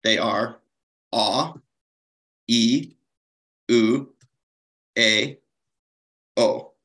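A man's voice: lowish voice, a bit bright, poor audio. A man giving a slide-based conference lecture, explaining steadily with occasional fillers and self-corrections. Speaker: conference presenter.

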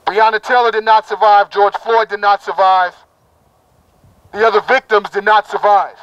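A man with a high voice leads a prayer at an outdoor rally. He speaks fervently in rhythmic, repeated phrases, and his voice comes through dry and close. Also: level tone, normal speed, fairly bright tone, smooth, no room sound, muffled recording. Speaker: protest speaker leading a prayer. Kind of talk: impassioned rally speech. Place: outdoor town plaza.

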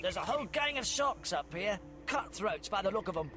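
A man voicing a trapped scout in a game, brisk and informal as he asks for help. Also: high voice, very animated. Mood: briefing. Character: trapped male scout, urgent and breezy. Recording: game audio over music.

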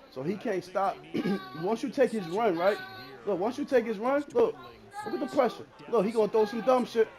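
A man streaming a football video game, taunting his opponent loudly and repeating phrases, dropping from shouts to mutters. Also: very high voice. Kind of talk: live gameplay trash talk.

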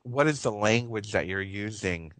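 An earnest male radio host talks in a rambling monologue, restarting his sentences and chuckling as he goes. His voice sits a little low. The sound is dry and close, with no room echo. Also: expressive, normal speed, a bit bright. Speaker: radio talk show host.

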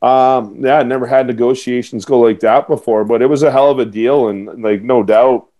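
Man, guest storyteller, even mid pitch, chuckles through his anecdotes. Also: moderate pace. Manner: laughs through anecdotes, acts out quotes. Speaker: guest, former hockey player. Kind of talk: casual storytelling.

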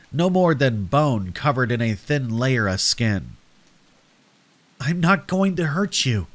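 A man reading a horror story aloud as scripted narration, slow and deliberate, with rain heard behind him. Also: mid-range voice, a bit bright.

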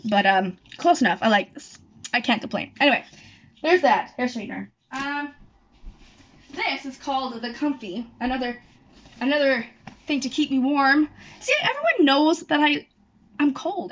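A young woman chatting casually at home, rambling and correcting herself as she goes. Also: high-pitched. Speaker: YouTuber. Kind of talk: casual chat. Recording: dull lo-fi recording.

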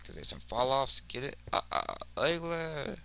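Young guy rambling over his game, gravelly bright voice, mumbles then yells, pitch all over the place. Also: sing-song, normal speed, a little hiss or hum. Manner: slangy, rambling, swings from mumbling to shouting. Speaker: gaming video creator. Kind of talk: casual gameplay commentary.

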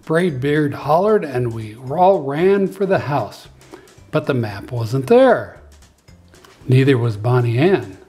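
A man and preschool teacher reading a children's story aloud in an expressive, lively way, with faint music behind. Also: mid-range voice, slow pace, husky.

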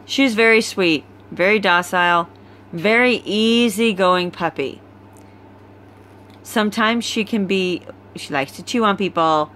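Filming on her phone at home, a weary dog breeder presents her litter of puppies in a relaxed, talkative way. Her mid-range voice is a bit bright and slow, with slight background noise.

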